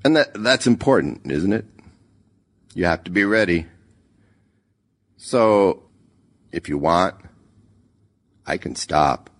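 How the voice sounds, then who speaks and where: A man voicing a steady but nervous man leaving a hesitant phone message. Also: low voice, heavily acted. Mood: tender worried. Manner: hesitant, halting.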